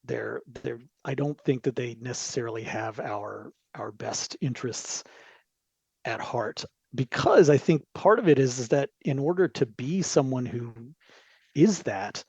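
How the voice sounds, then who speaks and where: A man's voice: mid-range voice, gravelly, darkish tone, breathy edge, dry recording. A man talking as a podcast guest in a rambling, digressive casual chat, with frequent asides, on a dull lo-fi recording.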